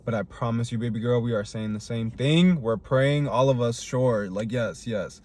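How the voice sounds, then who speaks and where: A man's voice: medium pitch, moderate pace, a little mellow. A young man rambling through a casual personal monologue to camera, full of fillers and restarts. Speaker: vlogger. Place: living in Chicago.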